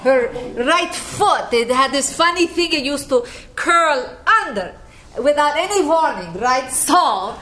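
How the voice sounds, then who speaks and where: A woman's voice: sits high, animated, unhurried, bright, forceful tone, slight background noise, heavily acted. A woman playing a chatty female clown who rambles and halts while reading from notes. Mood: rambling. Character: chatty female clown persona, playful, storytelling.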